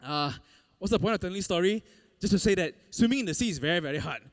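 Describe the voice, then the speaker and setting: A man preaching a sermon, telling a personal story in an animated way and laughing often. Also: high-pitched, fast talker. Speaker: pastor.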